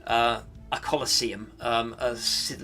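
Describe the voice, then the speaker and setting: A man narrating a tabletop game as game master, halting with many fillers. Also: medium pitch, little pitch movement, pushed and bright, faint music behind.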